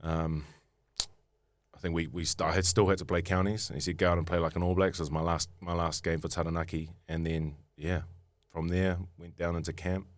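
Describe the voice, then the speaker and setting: A man's voice: deep voice, flat delivery, a little fast, no echo. A man with a New Zealand accent telling stories on a podcast, rambling with many fillers and restarts. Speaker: guest rugby player. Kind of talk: casual podcast storytelling.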